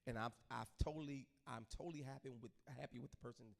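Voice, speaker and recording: A man's voice: medium pitch, quick pace, vocal fry. A middle-aged man, a pastor talking casually to his congregation and acting out the voices in his stories. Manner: animated storyteller, acts out quoted voices.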